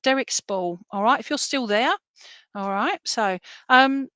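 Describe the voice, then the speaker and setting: A woman's voice: on the high side, measured pace, sharp tone, clear, resonant tone, no echo. A woman giving chatty, reassuring psychic readings on a live stream, full of fillers. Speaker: psychic reader.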